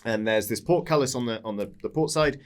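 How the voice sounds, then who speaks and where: A man's voice: medium pitch, brisk. A man running a tabletop game as dungeon master, narrating in a loose, descriptive way with fillers and sound effects.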